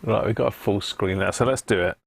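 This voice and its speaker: A man's voice: fairly low pitch, fairly quick, creaky, slight background noise. A jovial man hosting a casual live stream, chatting and laughing with his viewers. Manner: jovial, laughing banter with chat. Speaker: live-stream host restoring a vintage radio.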